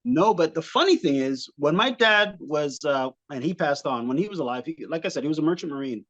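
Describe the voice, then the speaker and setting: Animated comedian from Canada. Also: male voice, on the high side, a little fast, highs cut off. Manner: animated, laughing often, jumps into impressions. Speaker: comedian guest. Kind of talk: comic storytelling.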